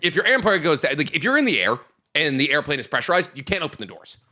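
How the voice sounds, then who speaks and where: A young man co-hosting a podcast, chatting casually with animated laughter, swearing and rambling explanations. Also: fairly high pitch, fast. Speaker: podcast co-host. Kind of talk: casual chat.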